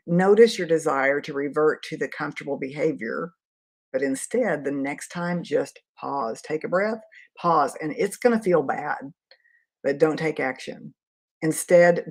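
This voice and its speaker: A woman's voice: low voice, darkish tone. A middle-aged woman and leadership coach giving a live teaching talk, earnest, practical and conversational.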